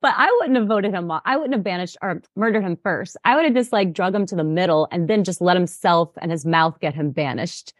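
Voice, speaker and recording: A woman's voice: fairly low pitch, fairly quick, hardly any pauses, no echo, studio quality. A woman guest in a casual interview, talking animatedly with lots of fillers and laughs. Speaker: reality show contestant guest.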